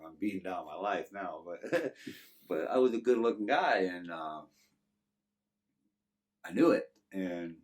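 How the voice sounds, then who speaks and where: Deep-voiced Texan man telling his story. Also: darkish tone, far from the mic. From Texas. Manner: loose and rambling, many "you know" fillers. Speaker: guest. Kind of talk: casual life-story telling.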